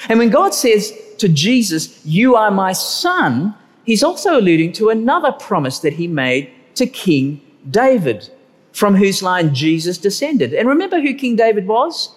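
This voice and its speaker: A man preaching a sermon, animated and drawing out key words slowly for emphasis. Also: high voice. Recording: long hall reverb.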